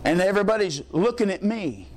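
A man's voice: sits high, animated, a little fast, a little hiss or hum. A male pastor preaching a sermon in a folksy, emphatic storytelling way, repeating his points for effect.

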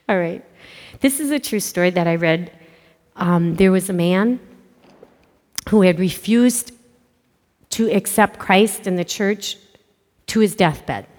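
Woman speaker, lively storyteller with hushed asides, long hall echo, mid pitch. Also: takes it slowly, long pauses. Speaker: catechist speaking to kids. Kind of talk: storytelling religious talk.

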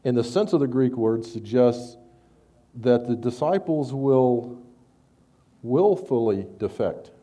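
A man preaches at a slow pace in a medium-pitched voice, speaking conversationally with stammered restarts. When he reads scripture, his voice rises and grows loud.

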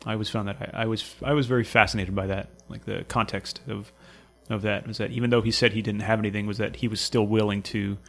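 A man's voice: fairly low pitch, steady tone, quick pace, gravelly, hardly any pauses. A Canadian man telling long, rambling stories in casual chat, swearing often and repeating words while he searches for them.

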